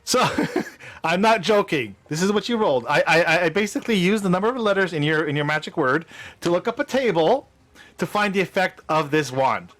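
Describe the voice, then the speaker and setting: Game master, male, playful and animated, high voice with a wide swing. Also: a little fast. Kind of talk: narrating a tabletop game.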